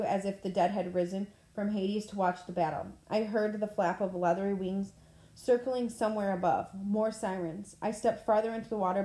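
A woman reading a novel aloud in a plain manner, now and then clearing her throat. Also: medium pitch, warm tone. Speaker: audiobook reader. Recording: echoey room.

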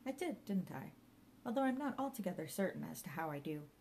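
A woman's voice: fairly low pitch, sing-song, a little fast, gravelly, darkish tone, slight background noise. A woman reading an audiobook and voicing a polite, hesitant older woman. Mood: unsure. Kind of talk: audiobook character voice.

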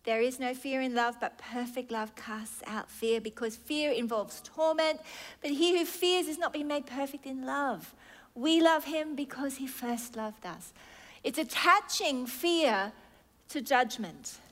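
A middle-aged woman preaching at an unhurried, deliberate pace, her voice sitting a little high. She acts out prayers and answers as small scenes, dropping to a near hush and then rising again. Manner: acts out prayers and God's replies in dialogue, swinging between hushed and loud. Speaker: pastor. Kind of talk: sermon.

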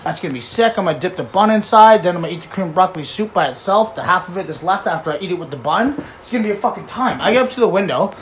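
A man casually telling a profane story among friends, laughing and acting out the other voices loudly. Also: sits high, lively intonation, very fast, few pauses, a little hiss or hum. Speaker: podcast guest.

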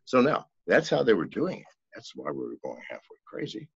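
An older man telling a story as a podcast guest, in a profane, animated way. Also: low voice, a little fast, gravelly, slightly rough, no echo. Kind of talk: casual storytelling. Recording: dull, lo-fi, dry sound.

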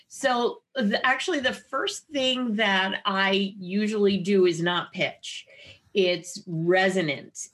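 A woman voice therapist explaining her methods in an interview, with an animated, wide-ranging inflection. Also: lowish voice. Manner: explanatory and clinical.

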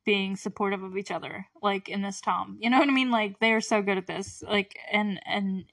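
A woman's voice: mid-range voice, steady tone, moderate pace, fairly bright tone, no echo. Chatty woman podcaster, mic a bit far. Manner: chatty and effusive, laughs often, quotes characters in brief put-on voices. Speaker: podcast host recapping a TV show. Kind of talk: casual solo podcast chat.

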